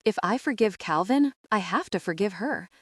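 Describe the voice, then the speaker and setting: A woman narrating a young-adult audiobook in the first person, with steady, even storytelling. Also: medium pitch, moderate pace, no room sound, studio quality.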